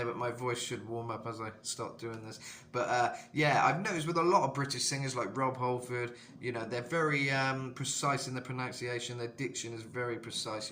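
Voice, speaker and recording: A man with a slightly rough throat giving a casual, rambling singing tutorial as a vocal coach, full of "you know". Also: medium pitch, a bit bright. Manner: rambling, lots of "you know", jumps into sung demos.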